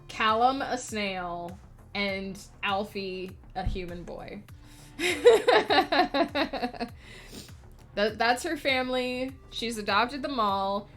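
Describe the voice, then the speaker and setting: A woman streamer chats unhurriedly as she works, her talk wandering from one thought to the next. She laughs often and lets her sentences trail off. Quiet music sits faintly behind her. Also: medium pitch. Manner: rambling, chatty, laughs often. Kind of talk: casual chat while writing on stream.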